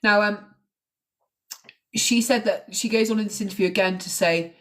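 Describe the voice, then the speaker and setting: A woman's voice: medium pitch, normal speed, fairly bright tone. A woman hosting a true crime show, recounting a case in a casual, earnest way with frequent ums. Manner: conversational, with frequent ums and likes. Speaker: true crime podcast host.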